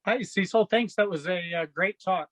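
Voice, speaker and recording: Man, high voice, hesitant question, dry close sound, video call. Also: normal speed, a bit bright, no room sound. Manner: hesitant, filler-heavy questioning. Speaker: audience member asking a question.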